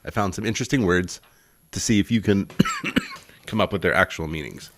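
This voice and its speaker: A man's voice: low-pitched, sing-song, fairly quick, a bit bright, slight background noise. A man co-hosting a casual podcast, quizzing his partner on odd words, laughing often and spelling words out. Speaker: podcast co-host quizzing on word meanings.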